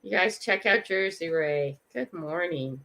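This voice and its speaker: A woman's voice: on the low side, expressive, unhurried, pushed and bright. An older woman hosting a morning livestream, greeting viewers by name and musing aloud in a casual, reflective way. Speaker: livestream host. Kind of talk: casual live chat.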